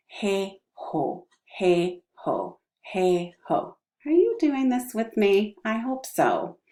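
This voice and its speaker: A woman's voice: mid-range voice, big pitch swings, very slow, hardly any pauses, dark tone, echoey room. A middle-aged woman teaching drama, upbeat and encouraging, who checks in with her students often. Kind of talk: online class lesson with vocal warm-ups.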